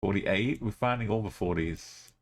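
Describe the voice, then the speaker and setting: A man's voice: lowish voice, moderate pace. A man streaming a game live, thinking aloud as he plays and chatting with his viewers.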